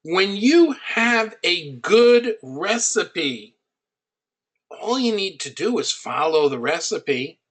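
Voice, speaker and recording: Slow-talking, higher-voiced middle-aged man coaching. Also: big pitch swings, fairly bright tone, breathy edge. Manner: conversational, anecdotal, emphatic on key points. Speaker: online business coach. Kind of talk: teaching talk told through personal stories.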